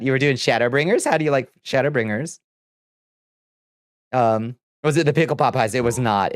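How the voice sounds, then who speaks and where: A livestream host with a blocked, stuffy nose, talking easily with viewers and breaking into frequent laughs. The voice sits at a middling pitch and sounds dry and close, recorded at a home desk mic with no room echo. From Southern United States. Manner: chatty, laughs often, trails off and restarts. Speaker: VTuber streamer host. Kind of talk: casual livestream chat, reading chat aloud.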